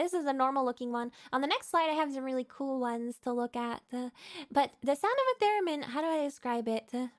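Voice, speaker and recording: A woman hosting a casual live stream, rambling with lots of fillers, giggling and greeting viewers. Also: high voice. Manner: rambling, with many fillers and restarts. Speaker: VTuber streamer host.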